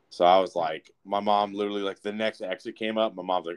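Young male co-host, lower voice, swears freely, rambles through stories. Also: fast talker, few pauses, smooth. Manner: profane, rambling, animated. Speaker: podcast co-host. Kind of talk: casual storytelling.

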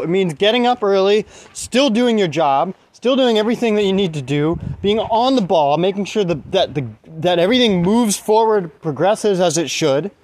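Earnest, rambling man with a higher voice. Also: no echo, low-quality recording. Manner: rambling, earnest, with frequent restarts and laughs. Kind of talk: casual reflective monologue.

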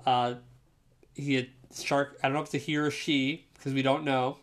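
A man co-hosting a casual podcast, his voice at an ordinary, middle pitch. He tells things in an easygoing, chatty way and drops swear words freely. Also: moderate pace. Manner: relaxed storytelling, with casual swearing. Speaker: podcast co-host. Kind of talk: casual chat.

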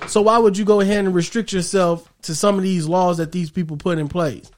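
Young man, slightly high voice, rambling slangy banter with friends. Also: fairly even intonation, fairly quick. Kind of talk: casual group chat.

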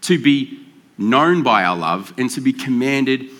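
A man preaching a sermon in a relaxed, joking, conversational way, slowing down to stress key words. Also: medium pitch. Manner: conversational and joking, with drawn-out emphasis. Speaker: pastor. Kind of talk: casual sermon.

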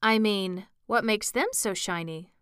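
A woman reading as the Gryphon, a bossy male beast from a storybook who lectures with impatient solemnity. The voice is smooth and sits on a dry close mic, taken at a measured pace. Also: mid-range voice, fairly bright tone, no room sound, lightly acted.

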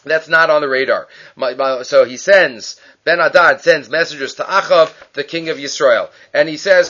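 A man's voice: a little high, fairly quick, fairly bright tone. A man teaching a casual Bible lesson, retelling the story conversationally with quoted voices and Hebrew terms. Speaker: Torah teacher. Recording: dull lo-fi audio.

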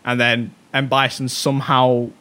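A man hosting a casual movie podcast chat, animated and laughing as he retells movie lines. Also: medium pitch, a little slow, smooth. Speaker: podcast host.

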